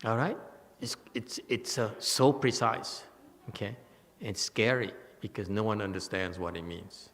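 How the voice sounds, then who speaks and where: A man with a Vietnamese-accented English giving a Buddhist retreat lecture, halting and repeating words, often checking with "okay?". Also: lowish voice, fairly even intonation, fairly bright tone. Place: temple hall. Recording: long reverb of a hall.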